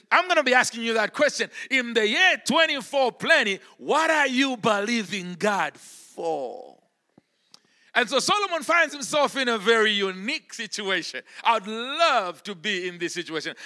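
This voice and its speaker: High-voiced, bright-toned male pastor preaching. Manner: emphatic, repeats key words for stress. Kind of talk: sermon. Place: church service.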